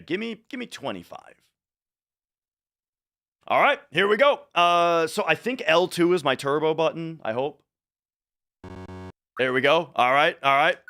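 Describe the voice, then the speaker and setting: A man's voice: medium pitch, a bit bright, slight background noise. A man from Minnesota with a light Minnesotan accent, chatting casually on a speedrun stream and restarting his sentences often. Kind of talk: casual livestream chat.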